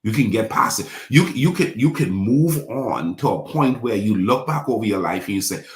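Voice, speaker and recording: A man with a fairly low voice preaches to his congregation, circling back over his points and asking them to say lines with him. The sound carries the echo of a roomy church. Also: animated, normal speed. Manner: repetitive, call-and-response preaching. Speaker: pastor. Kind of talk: sermon.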